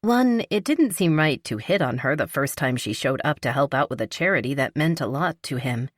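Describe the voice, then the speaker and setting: A woman narrating a romance audiobook in a calm, even storytelling manner. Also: very deep voice, moderate pace, no room sound, clean studio sound. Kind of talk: scripted narration.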